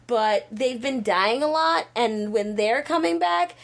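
A woman's voice: a little high, lively intonation, a little slow, creaky. A woman chatting casually and rambling a plot summary, full of fillers. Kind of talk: casual chat.

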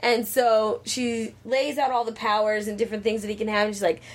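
A woman's voice: on the high side, little pitch movement, a little fast. A woman chatting casually and rambling a plot summary, full of fillers. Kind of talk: casual chat.

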